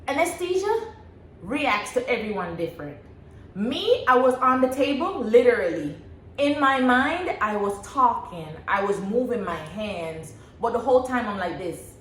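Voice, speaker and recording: Animated young woman telling her story. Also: fairly high pitch. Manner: animated, laughs often, reenacts her own past words. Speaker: vlogger. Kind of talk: casual storytelling. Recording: echoey room with faint background hum.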